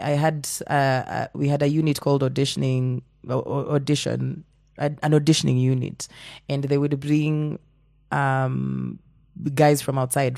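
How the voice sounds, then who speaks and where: Kenyan woman telling lively stories. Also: very deep voice, vocal fry, no echo, studio quality. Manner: animated storyteller, mixes in Swahili, acts out quotes. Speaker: guest. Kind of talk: casual conversation.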